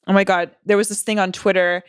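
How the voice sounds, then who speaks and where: A woman's voice: mid-range voice, level tone, fast talker, clean tone, dry recording, clean studio sound. A woman co-hosting a casual podcast, reading listener stories aloud with blunt, profane commentary and frequent laughs. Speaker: podcast co-host.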